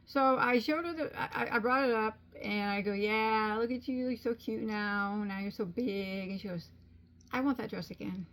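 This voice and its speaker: A woman's voice: a little high, moderate pace, hardly any pauses, a bit bright. A middle-aged woman chatting casually on her crochet channel, rambling along with frequent ums as she tells a story. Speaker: crochet vlogger.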